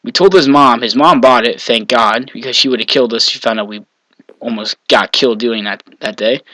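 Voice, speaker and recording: A young vlogger from Maine rambles casually through personal stories, often correcting himself and chuckling between lines. His medium-pitched voice is pushed and bright at a moderate pace. The rough recording has no room sound.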